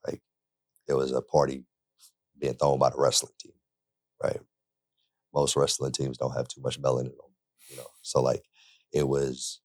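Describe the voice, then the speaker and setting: In an interview studio, a young man tells his own story in a loose, laid-back way, peppering it with "like" and "right?". His voice is rumbling low and a little mellow. The recording is dry and clean, studio quality.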